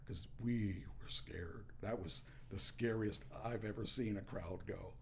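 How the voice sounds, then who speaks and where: A man, a former wrestler, telling stories in a casual podcast chat and rising into a loud promo voice when he quotes himself. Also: on the low side, measured pace, vocal fry, hardly any pauses, slight background noise. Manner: animated, shouts into promo voice when quoting himself. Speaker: former pro wrestler guest. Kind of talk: casual storytelling.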